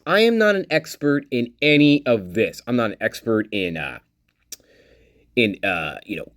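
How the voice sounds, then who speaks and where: A man hosting a channel and commenting casually on documents, rambling, repeating himself and addressing his viewers warmly. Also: on the high side, dry recording, clean studio sound. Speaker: channel host.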